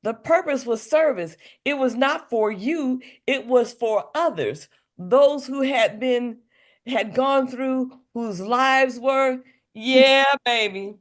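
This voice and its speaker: Woman on a radio show, preaching slow and emphatic, kinda high voice. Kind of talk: preachy faith talk. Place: radio studio.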